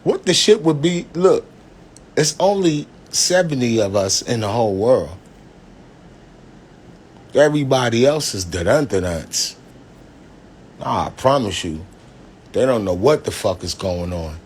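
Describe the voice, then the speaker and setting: A man's voice: mid-range voice, expressive, a little slow, pauses often, slightly rough. A man hosting a casual livestream, rambling and profane, laughing often as he talks. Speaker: livestream host.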